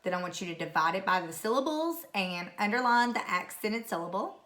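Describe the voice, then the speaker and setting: A woman's voice: medium pitch, lively intonation, fairly quick, fairly bright tone. A woman teacher giving a recorded phonics lesson to young pupils, patiently repeating each word. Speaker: third grade teacher.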